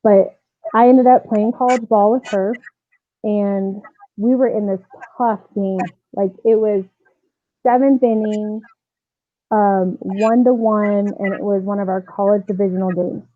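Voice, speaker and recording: A woman softball coach telling her personal story as a podcast guest, earnest and animated, with frequent fillers. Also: medium pitch, unhurried. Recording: tinny phone-like dry line.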